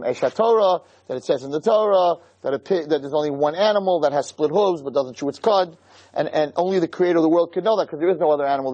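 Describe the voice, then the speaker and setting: A man delivers a Torah lecture in a lively, swooping voice with a husky grain. His pitch sits a little above average for a man, and he keeps firing off rhetorical questions. He preaches with storytelling energy.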